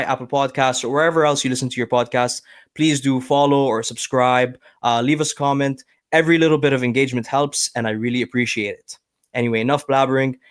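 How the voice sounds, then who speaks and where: A man's voice: medium pitch, no echo. Upbeat male podcast host, dry sound. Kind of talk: casual podcast hosting.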